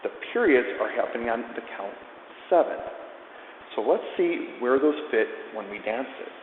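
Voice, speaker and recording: A man's voice: medium pitch, animated, moderate pace. A man who choreographs line dances, teaching his routine in an upbeat, eager way and counting beats aloud. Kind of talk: instructional dance breakdown. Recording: echoey hall over a tinny phone-like line with faint noise.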